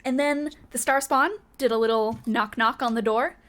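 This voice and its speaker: A woman's voice: fairly high pitch, normal speed, a bit bright. A woman running a tabletop game as game master, moving from a casual, giggly recap full of swearing into descriptive narration.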